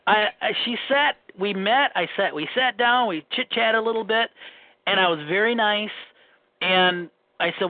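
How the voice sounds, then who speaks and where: A man's voice: sits high, normal speed, no echo. A man with a Minnesota accent telling long stories in casual chat, restarting and repeating himself as he rambles. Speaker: guest telling dating stories. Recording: tinny phone line, dry.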